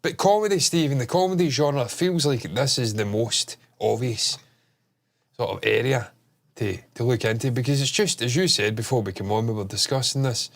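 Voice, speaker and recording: A man's voice: medium pitch, normal speed, gravelly. Stuffy-nosed man hosting a chat stream. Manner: rambling, swears casually. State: stuffed-up nose. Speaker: host.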